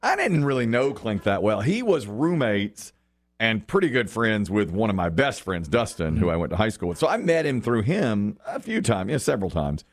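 A man's voice: lowish voice, normal speed. A middle-aged man hosting a radio show, chatting casually and telling stories while acting out the voices of people he quotes. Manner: animated storyteller who acts out quoted voices. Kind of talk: casual on-air chat.

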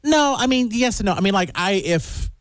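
A man co-hosts a radio show in a loose, rambling chat. His fairly high voice swings up and down a lot. The studio sound is dry and close. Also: lively intonation, normal speed, clear, resonant tone, dry recording. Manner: chatty, laughs easily, trails off with fillers. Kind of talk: casual studio banter.

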